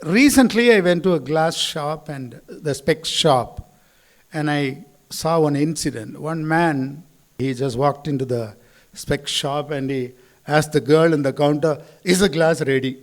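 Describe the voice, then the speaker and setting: A man's voice: on the high side, unhurried. Man telling stories in a speech. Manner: storytelling, acting out quotes. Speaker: school chairman. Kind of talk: speech at a school event. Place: school hall.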